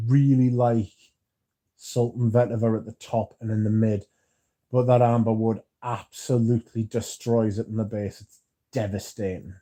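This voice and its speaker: A man's voice: on the low side, mellow. Chatty man on a livestream. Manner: chatty, reads out viewer comments and answers them; swears casually, rambling asides. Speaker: livestream host. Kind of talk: casual livestream chat.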